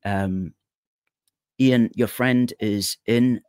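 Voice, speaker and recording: A man's voice: on the low side, fairly even intonation, darkish tone, clean tone, dry recording, studio quality. A middle-aged man from Scotland hosting an online show, plugging a guest's book and reading out viewer comments. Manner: reads out viewer comments, brisk wrap-ups. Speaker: host.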